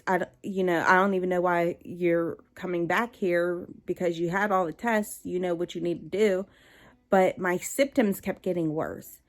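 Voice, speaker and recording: A young adult woman vlogging, telling a personal story in a candid, conversational way with many fillers and restarts. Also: lowish voice.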